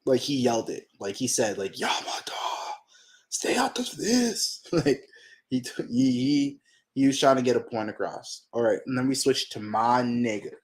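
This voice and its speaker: A man hosting a manga reaction channel, talking to himself while he reads, excitable and profane in casual reaction commentary. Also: mid-range voice, moderate pace.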